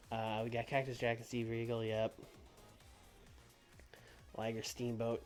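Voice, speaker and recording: A man's voice: medium pitch, very animated, normal speed, pauses often, darkish tone. A male streamer giving rambling casual commentary while playing a management game, with many fillers. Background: music.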